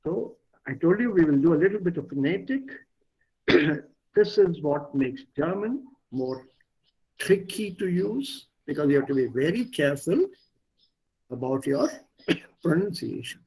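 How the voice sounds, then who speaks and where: Husky man teaching German. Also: on the high side, big pitch swings, a little slow, a little mellow, poor audio. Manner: explains patiently, repeats words and stresses for learners. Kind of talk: online language lesson.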